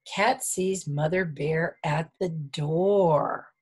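A woman reading a picture book aloud, pausing to point out the pictures, animated. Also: sits low, breathy edge. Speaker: reader.

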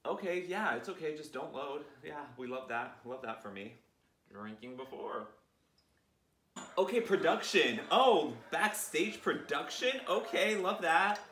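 A man hosting a music video reaction vlog, talking in a profane, flamboyant and excitable way. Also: fairly high pitch, a little slow. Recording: roomy echo with music playing.

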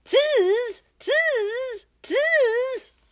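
An older woman voicing a group of cheeky monkeys with a squeaky, high chant. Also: animated, very slow, fairly bright tone, full character voice. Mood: teasing. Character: cheeky mimicking tree monkeys.

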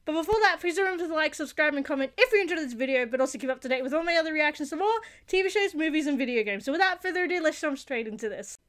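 A woman hosting her own channel, giving excited reaction commentary on a TV episode; she gasps and shouts often and keeps apologizing. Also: high-pitched, racing, hardly any pauses.

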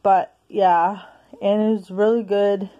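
Slow, halting woman in a lo-fi recording. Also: mid-range voice, flat delivery, dark tone. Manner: hesitant, halting, with many restarts. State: out of breath. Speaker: movie reviewer. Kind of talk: casual home video review.

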